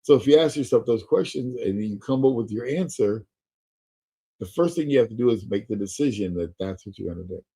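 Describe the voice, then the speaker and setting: Husky-voiced middle-aged sales trainer. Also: male voice, fairly low pitch, lively intonation, a little fast, mellow, low-quality recording. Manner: emphatic, repetitive, checks in with the listener.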